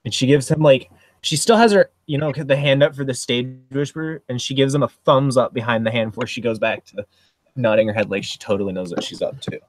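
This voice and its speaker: A man's voice: mid-range voice, brisk, no room sound, low-quality recording. A man playing a tabletop game, describing his character's actions in a playful, loose way. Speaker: player. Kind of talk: casual tabletop game chat.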